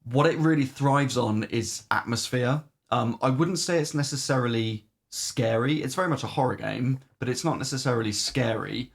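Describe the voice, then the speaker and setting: A podcast co-host with a gravelly, mid-range voice talks at normal speed with hardly any pauses. He reviews games in a casual, rambling chat, dropping many "um"s and swearing now and then.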